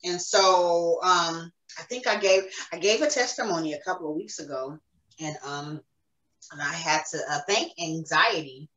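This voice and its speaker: A woman's voice: fairly low pitch, normal speed, pushed and bright. A woman giving an earnest, emotional personal faith testimony as a podcast guest. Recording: roomy echo, distant mic.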